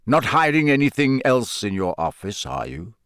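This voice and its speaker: A man voicing a gruff, menacing old male auror who speaks slowly with a growl. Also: medium pitch, very animated, a bit bright, no echo, studio quality.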